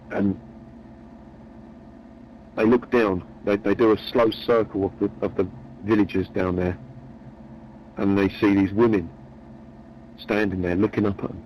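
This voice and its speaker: Aussie bloke rambling thru a joke, lowish voice, muffled recording with faint engine hum. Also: male voice, flat delivery, a little slow, long pauses. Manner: meandering, chatty, repeats words. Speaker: storyteller.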